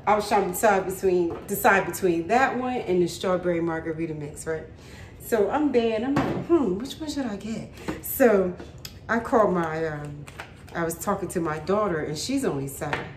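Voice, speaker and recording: A woman's voice: lowish voice, moderate pace. A woman in her thirties, a vlogger, telling stories in a chatty way and laughing often. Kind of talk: casual storytelling chat. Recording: roomy, faint background hum.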